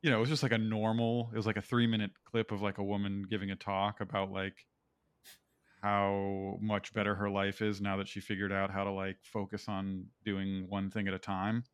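A man's voice: lowish voice, completely flat delivery, normal speed, smooth, no room sound, clean studio sound. A man co-hosting a casual podcast, rambling and filling his talk with "like". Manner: rambling, heavy use of "like". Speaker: podcast co-host. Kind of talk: casual chat.

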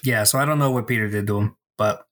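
A man's voice: lowish voice, fast talker, fairly bright tone. A young man playing in a tabletop game, talking in a loose, joking, rambling way. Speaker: player. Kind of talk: casual tabletop game chat.

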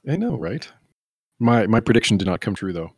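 A man with a very low, slightly husky voice talks casually on a podcast, rambling from point to point and riffing with animated asides. The sound is dry and close, with no room around it. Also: fairly quick, dry recording. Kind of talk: casual chat.

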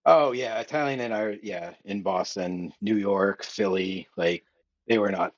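A man's voice: lowish voice, unhurried, muffled recording. A man appearing as a podcast guest, cracking wry jokes and laughing. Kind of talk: casual podcast chat.

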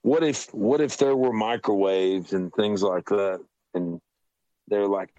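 Slow, rambling man on a dry mic. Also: on the low side, mellow, no echo, dull audio. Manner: rambling, slow and halting, with restarts. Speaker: podcast co-host. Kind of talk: casual chat.

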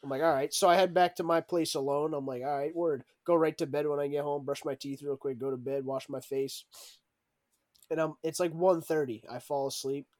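A man's voice: a little high, fairly even intonation, a little fast, darkish tone, no echo. A young man telling a story in a casual chat, laughing often and acting out what others said. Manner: laughing storyteller, acts out quotes with raised voice.

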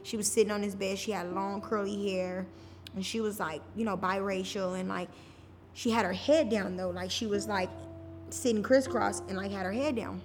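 A woman's voice: mid-range voice, fairly even intonation, moderate pace. A woman telling her own story on a podcast, casual and candid, often saying "like". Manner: casual, frequent "like" fillers. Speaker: podcast guest. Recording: reverberant room with faint music.

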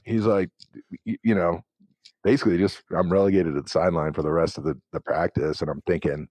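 A man in his forties, a former pro football player, telling interview stories with lively acted-out quotes. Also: low voice, fairly quick, no room sound. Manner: animated anecdotes with acted-out quotes. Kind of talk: casual interview storytelling.

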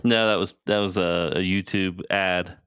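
A man's voice: low voice, fairly even intonation, measured pace, fairly bright tone, clear, resonant tone, no room sound, clean studio sound. A man co-hosting a casual podcast, asking many questions and laughing often, on a new cheap mic. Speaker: podcast co-host. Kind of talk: casual chat.

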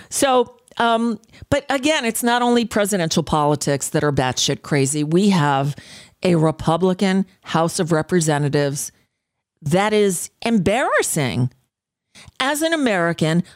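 A woman's voice: fairly low pitch, animated, unhurried, no echo, clean studio sound. Blunt, sarcastic woman radio host. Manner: blunt, profane, sarcastic ranting with many fillers. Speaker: radio talk show host. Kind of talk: political commentary monologue.

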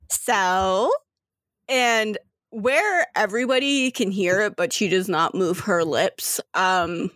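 A woman's voice: medium pitch, a bit bright, dry recording, studio quality. A woman game master narrating a tabletop game in a chatty, laughing way, full of "like" fillers.

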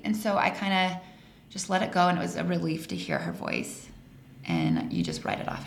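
Gravelly-voiced woman telling a story. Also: lowish voice, normal speed. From Colorado. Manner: animated, laughs through stories. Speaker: guest. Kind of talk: casual storytelling interview. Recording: roomy echo, faint hiss.

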